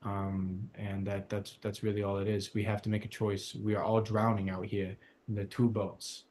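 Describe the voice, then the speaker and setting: A man hosting a casual spiritual podcast, talking fervently and preachily, sometimes building to a shout. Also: lowish voice, little pitch movement, moderate pace, slight background noise. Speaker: podcast host. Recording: roomy echo.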